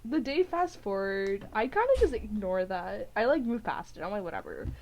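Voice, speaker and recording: A woman's voice: mid-range voice, lively intonation, moderate pace, darkish tone, a little hiss or hum. Young female podcast co-host, casual storyteller, giggly and rambling. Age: young adult. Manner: rambling, giggly, acts out quotes with voices.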